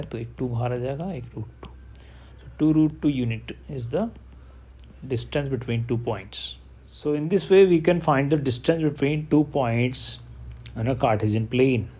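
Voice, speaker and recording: A man's voice: medium pitch, racing. A man teaching a math lesson, talking through each step of a problem aloud. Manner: steady step-by-step explaining, working problems aloud. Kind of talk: online math lesson, mixing English and Hindi.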